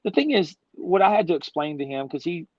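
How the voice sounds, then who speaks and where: A man's voice: high-pitched, very animated, brisk, darkish tone, no echo. Enthusiastic middle-aged man, dull dry audio. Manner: enthusiastic storyteller, slangy and rambling. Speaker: guest, business founder. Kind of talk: casual interview chat.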